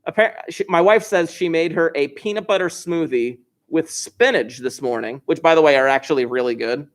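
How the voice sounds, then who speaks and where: A man's voice: on the high side, moderate pace, hardly any pauses. A man teaching an algebra class over a livestream from his classroom desk, joking and teasing his students and chuckling often. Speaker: high school algebra teacher.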